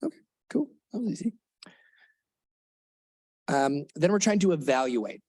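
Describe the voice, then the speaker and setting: A man gives a live parenting workshop as a therapist in a lecture room with an audience, speaking earnestly and conversationally and sometimes acting out lines from kids and parents. His voice is fairly high and very animated, a little slow and slightly mellow, with no echo.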